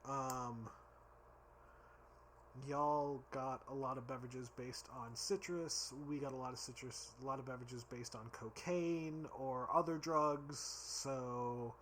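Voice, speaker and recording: Tipsy guy, bright and slightly high voice, rambling drink reviewer, faint background hiss. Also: unhurried. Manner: rambling, giggly, stumbling over words. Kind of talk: casual tipsy review vlog.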